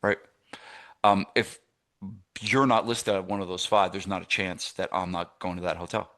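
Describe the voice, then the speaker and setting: A man's voice: deep voice, fairly even intonation, normal speed, fairly bright tone. A middle-aged man from New Jersey coaching gym owners through a live masterclass, rambling and conversational with many fillers and restarts. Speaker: fitness business coach.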